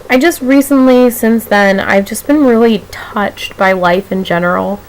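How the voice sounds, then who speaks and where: A woman's voice: on the high side, normal speed, hardly any pauses, rough recording. A young woman talking to camera in a casual vlog, rambling and emotional, laughing often as she talks. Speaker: vlogger.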